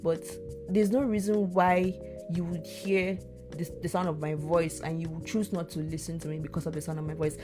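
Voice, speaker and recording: A woman's voice: fairly low pitch, little pitch movement, normal speed, over music. A young woman with a Nigerian accent co-hosting a casual podcast chat, reflective and prone to repeating words for emphasis. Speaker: podcast co-host.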